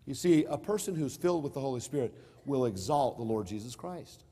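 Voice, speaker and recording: A middle-aged male pastor preaches a sermon in a church sanctuary, blending scripture with a personal story. His medium-pitched voice is warm, husky, animated and brisk, emphatic and swelling and fading in force. The hall is reverberant.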